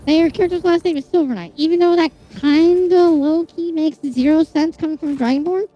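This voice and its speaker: A streamer chatting casually with viewers, telling animated, exasperated stories full of swearing. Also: extremely high pitch, a little fast, highs cut off, soft background music. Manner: animated storytelling, heavy swearing, exasperated rants.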